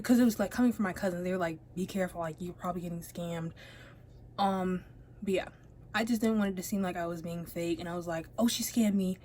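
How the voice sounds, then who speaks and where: A woman's voice: medium pitch, a little mellow, slight background noise. A teenage girl chatting casually while doing her makeup, rambling and interrupting herself with asides. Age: teens. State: out of breath. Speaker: beauty vlogger. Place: home, by a window.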